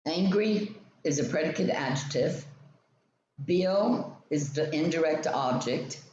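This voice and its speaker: Guy reading grammar lesson slow n methodical, kinda echoey room, faint hiss in the back. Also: a little high, lively intonation, darkish tone. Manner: slow, methodical explanation with example sentences. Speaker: teacher. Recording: roomy, dull lo-fi sound with faint ambient noise.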